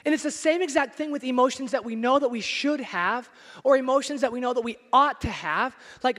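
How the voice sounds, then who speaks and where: High-voiced energetic man preaching in a hall. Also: brisk. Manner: energetic, jokey, shouts for emphasis. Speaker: pastor. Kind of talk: sermon.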